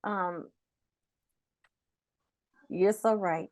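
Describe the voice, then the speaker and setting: A woman's voice: on the low side, fairly even intonation, drawn-out words, a little mellow. A woman hosting a talk show interview, conversational and affirming toward her guest. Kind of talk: casual interview.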